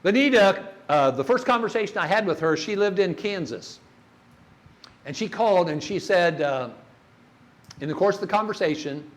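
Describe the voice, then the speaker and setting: Older man, preacher, sermon in a church, storytelling, questions to the congregation, slightly high voice. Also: lively intonation, a little fast.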